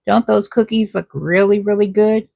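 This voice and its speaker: A woman's voice: mid-range voice, fairly even intonation, normal speed, creaky, a little mellow, no room sound, studio quality. A woman chatting casually to camera at home as a cooking and gardening vlogger, drawing out her words and calling viewers "child" and "y'all".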